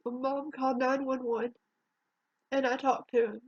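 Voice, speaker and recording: A woman telling a painful personal story in a halting, emotional way, her voice trembling near tears, in a dull lo-fi home recording. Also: high voice, level tone, dry recording. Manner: halting, emotional, with restarts and long pauses. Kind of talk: personal spoken testimony.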